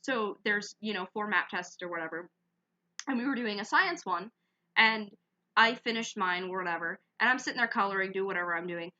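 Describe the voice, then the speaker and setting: A teenage girl co-hosting a casual podcast, telling a school story in an animated, indignant way. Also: mid-range voice, fairly quick, highs cut off. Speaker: podcast co-host.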